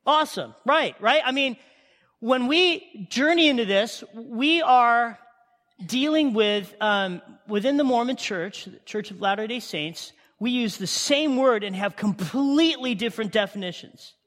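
A man's voice: very high voice, fairly bright tone. A male pastor giving an emphatic, conversational sermon, often asking the congregation questions. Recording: reverberant hall sound.

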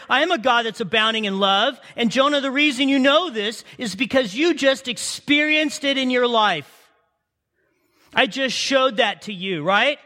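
A stern but compassionate God, as a preacher puts him on delivers an emphatic, pleading rebuke in a high, bright, forceful voice. A long hall reverb trails behind every line. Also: male voice.

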